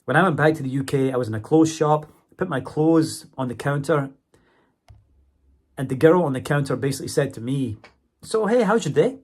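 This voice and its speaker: A man's voice: mid-range voice, brisk. A man talking casually to his viewers in a vlog, chatty, often checking in with "okay?" and "right?". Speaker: vlogger and English teacher.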